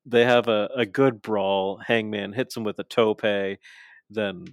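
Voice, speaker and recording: A man co-hosting a podcast, casually recapping a wrestling show and mocking the wrestlers' lines in quick asides. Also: lowish voice, fairly even intonation, dry recording. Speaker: podcast co-host.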